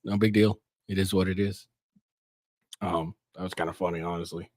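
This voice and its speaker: A man's voice: low voice, steady tone, moderate pace, a little mellow, no echo, clean studio sound. A man doing casual, profane commentary on news clips, rambling with many fillers and restarts. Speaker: commentary streamer reacting to clips.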